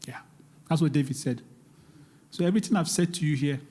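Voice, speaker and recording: A man's voice: on the high side, brisk, long pauses, warm tone. A man giving a live seminar talk on investing, emphatic and pleading, repeating key words. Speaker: guest speaker on investing. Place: church hall, live audience. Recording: long reverb of a large hall.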